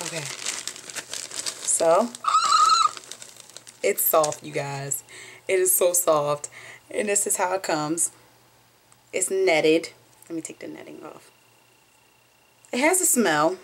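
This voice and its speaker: A woman's voice: lowish voice, slow, long pauses. Bubbly young Southern woman unboxing. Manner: chatty, bubbly and excitable, squeals with delight. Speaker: beauty vlogger. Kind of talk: casual unboxing vlog. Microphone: phone camera. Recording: noisy phone recording with crinkling packaging.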